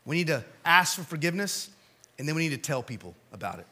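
Male pastor, bright and somewhat high-pitched, preaching with animated, dynamic delivery. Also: quick pace. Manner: animated storytelling, swinging from shouts to quiet appeals. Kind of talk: sermon.

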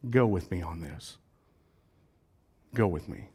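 A man's voice: deep voice, lively intonation, slow, darkish tone, slightly rough. A male pastor, preaching in a casual, joking way and acting out voices from the crowd. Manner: playful, jokey, acts out voices of the crowd.

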